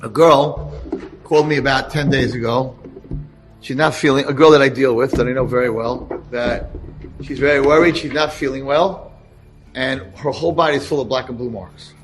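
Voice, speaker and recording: A rabbi telling a story to an audience, animated and acting out the lines of the people in it. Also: male voice, medium pitch, normal speed, soft background music. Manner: animated, acts out dialogue. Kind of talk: storytelling talk.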